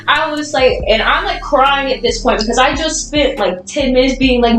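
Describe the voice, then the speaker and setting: A young woman with a high voice tells a dream story in a lively, laughing, swearing way, acting out the lines of everyone in it. She sounds a little far from the mic in an echoey room, with music under her. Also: normal speed, few pauses. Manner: animated, laughing, swearing, retelling a dream with acted-out quotes. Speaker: vlogger. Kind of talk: casual storytelling chat.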